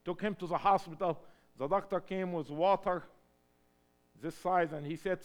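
A man preaching a sermon in English, which is not his first language, swinging between loud emphatic cries and hushed storytelling. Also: sits high, steady tone, moderate pace. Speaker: pastor.

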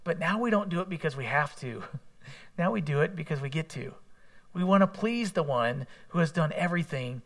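A man's voice: on the high side, expressive, a little fast, a bit bright. A man preaching a sermon in a conversational way, mixing scripture with candid personal asides. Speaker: pastor.

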